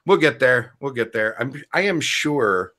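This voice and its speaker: A man's voice: mid-range voice, expressive, unhurried, sharp tone. Laid-back male podcast co-host. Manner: loose, laughing, talks to live chat. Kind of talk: casual streamed chat.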